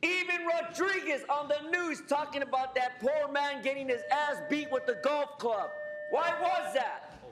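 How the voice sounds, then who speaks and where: A very high-pitched man rants at a council podium microphone, swearing and taunting the officials. He talks slowly, drawing his words out, and his voice climbs into shouts. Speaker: public commenter. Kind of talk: combative public comment speech. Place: city council chamber.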